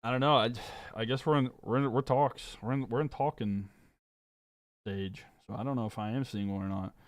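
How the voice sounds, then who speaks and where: A man's voice: medium pitch, a little fast, no echo, clean studio sound. A man from the American South with a Southern accent, casually chatting on a live stream and reading viewer comments in a rambling, laughing way. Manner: laid-back, rambling, fillers, laughs often. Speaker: sports streamer.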